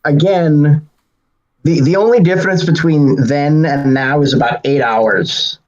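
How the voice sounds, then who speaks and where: Guy at a tabletop game, slightly high voice, kinda muffled lo-fi sound. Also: measured pace. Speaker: player. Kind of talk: casual tabletop play.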